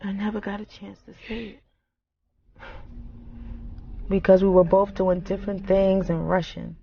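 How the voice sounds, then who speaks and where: A grieving, reflective wife. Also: female voice, medium pitch, fairly even intonation, vocal fry, highs cut off, a little hiss or hum. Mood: wistful. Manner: reflective, halting, soft-spoken. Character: grieving wife remembering her late husband. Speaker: grieving widow. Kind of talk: film monologue.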